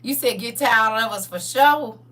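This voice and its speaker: A woman hosting a live show who tells comic testimony with lots of drama and laughter. Her voice is bright and sharp and sits a bit high. She sounds a little distant from the mic. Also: a little slow. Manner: animated, dramatic, laughing often. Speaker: live show host, mother. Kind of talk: comedic storytelling testimony.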